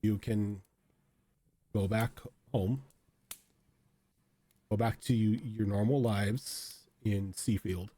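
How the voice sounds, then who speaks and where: A man narrating as game master of a tabletop role-playing game, in a relaxed, descriptive way. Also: lowish voice, takes it slowly, long pauses, no echo.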